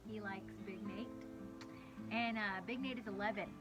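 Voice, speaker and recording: A woman's voice: medium pitch, fairly even intonation, normal speed, over loud music. A woman in her thirties leading a livestreamed church devotional, telling a personal story in a rambling, candid way and laughing often mid-sentence. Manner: rambling, conversational storytelling with many restarts. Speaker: worship leader sharing a devotional.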